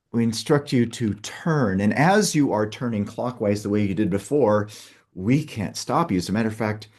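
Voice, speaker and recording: This facilitator's voice is fairly low and a little mellow. He coaches a participant through a group exercise one step at a time, instructive throughout and frequently asking "okay".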